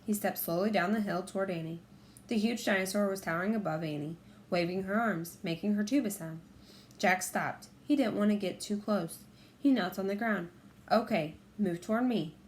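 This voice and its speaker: A woman narrating a children's storybook aloud in a clear, measured way. Her voice sits at a middle pitch and moves at an ordinary pace. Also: a little hiss or hum. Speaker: audiobook reader.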